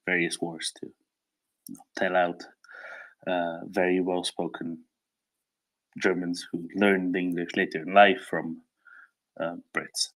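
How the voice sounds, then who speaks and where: A man's voice: sits low, rough recording. A man on a panel who explains languages in a precise, explanatory way. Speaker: panel speaker.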